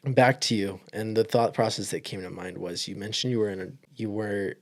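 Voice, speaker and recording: A male podcast host with a lowish, gravelly voice asks his guest gentle follow-up questions. He keeps affirming what he hears and speaks in a conversational interview tone. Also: fairly even intonation, brisk.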